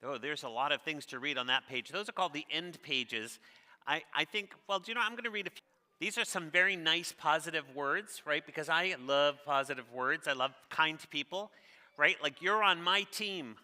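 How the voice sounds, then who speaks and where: A middle-aged man who writes children's books reads one of his picture books to an audience, speaking a little fast in a fairly high, sharp voice. He cheerfully quizzes and urges on the crowd from a large theater stage, with the long reverb of the hall audible.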